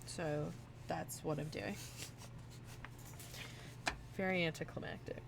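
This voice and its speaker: A woman's voice: deep voice, fairly even intonation, slow, vocal fry, background noise. A woman playing a tabletop game who hesitates and thinks aloud about her moves. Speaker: player.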